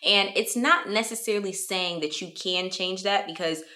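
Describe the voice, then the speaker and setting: A young woman vlogger giving a motivational talk to camera, animated, often acting out quoted voices. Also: mid-range voice, normal speed. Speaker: lifestyle vlogger.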